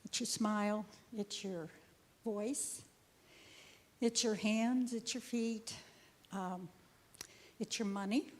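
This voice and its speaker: A woman's voice: medium pitch, steady tone, takes it slowly, pauses often. An older woman from the congregation telling a personal story of giving, chatty and full of laughter and asides. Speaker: congregation member. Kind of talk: personal testimony.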